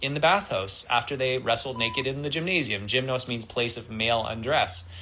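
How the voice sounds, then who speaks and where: A man's voice: mid-range voice, moderate pace, bright, forceful tone, slight background noise. A man in a played clip giving an earnest, preachy monologue. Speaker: fringe wellness speaker in clip.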